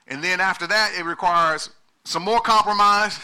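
A middle-aged male pastor preaching with a very bright, cutting tone and a high voice for a man. He presses his points with repeated words and calls to the people in front of him. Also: moderate pace, clear, resonant tone. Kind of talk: sermon.

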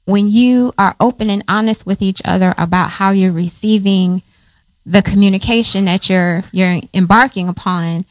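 A woman in her forties sharing a personal story in a sermon in a chatty, animated way. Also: medium pitch, no room sound. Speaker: pastor's wife, co-speaker.

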